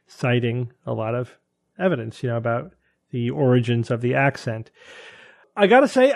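A man's voice: mid-range voice, a little mellow. A man hosting a casual panel talk show, thinking aloud and hedging with frequent restarts. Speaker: podcast host.

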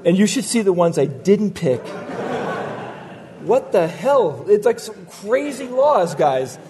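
A man's voice: high-pitched, sing-song, slow, warm tone. A man co-hosting a podcast, running a quiz segment with playful, teasing banter and frequent laughs. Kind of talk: casual banter.

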